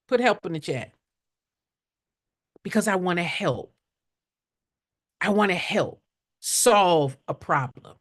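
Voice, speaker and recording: A woman's voice: on the high side, a bit bright. A woman fundraising coach teaching a live class with emphatic, repetitive call-and-response, often asking listeners to answer in the chat.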